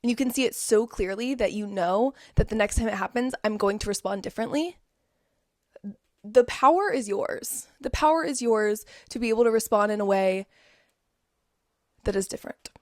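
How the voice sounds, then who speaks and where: A woman's voice: fairly high pitch, normal speed, darkish tone, no room sound. Young woman, casual motivational talk, emphatic, repeats key words, dry close sound. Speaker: host.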